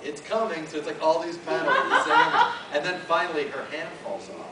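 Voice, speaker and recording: A man telling a story to a convention crowd, his voice bouncing all over its range as he jokes at his own expense. He is a little higher-pitched than most men. The mic is far away in an echoey hall, with heavy background noise. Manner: lively, joking, self-mocking, with quick restarts and acted-out voices. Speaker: guest artist at a fan Q&A. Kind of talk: animated storytelling at a convention panel. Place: convention hall, in front of an audience.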